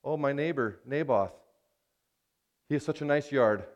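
A man's voice: medium pitch, measured pace, dull audio, lightly acted. A man voicing King Ahab as a grown king who wistfully covets his neighbor's yard. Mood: longing. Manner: wistful, whining.

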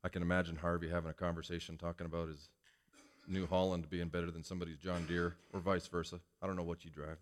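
A man's voice: low-pitched, flat delivery, fast talker. A male pastor giving a conversational sermon, asking the congregation rhetorical questions.

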